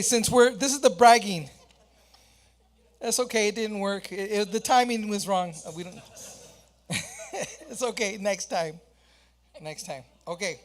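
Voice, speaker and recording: A woman's voice: mid-range voice, measured pace, long pauses. A woman presenting at a reception, upbeat and playful, joking through the technical glitches. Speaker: event presenter. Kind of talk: lively speech at a reception. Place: large reception hall. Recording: echoey hall with faint background noise.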